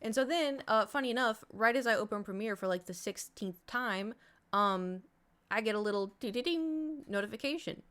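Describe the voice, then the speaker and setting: A woman's voice: fairly high pitch, moderate pace, fairly bright tone. A woman streamer casually telling her chat a long story, acting out her own reactions along the way.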